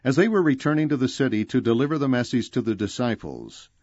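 Male audiobook reader, formal and measured, expressive pitch, dry and slightly dull sound. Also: no echo. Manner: measured, formal reading that announces page numbers. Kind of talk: scripted reading of a religious book.

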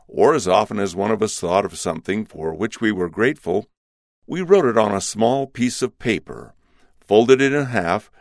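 A man giving a measured scripted reading of letters and questions. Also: on the low side, no room sound, clean studio sound.

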